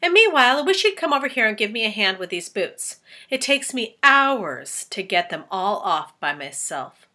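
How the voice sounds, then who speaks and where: Brief: a woman playing a boastful, jolly male storybook centipede, lively pitch. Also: normal speed. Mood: hearty. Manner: hearty, boastful. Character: cheery proud male centipede.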